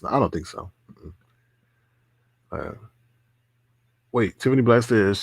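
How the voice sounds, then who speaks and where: A man's voice: medium pitch, sing-song, measured pace, creaky, pauses often, husky, dry recording. A man hosting a casual livestream, reading chat comments aloud, laughing often and repeating himself. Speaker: livestream host.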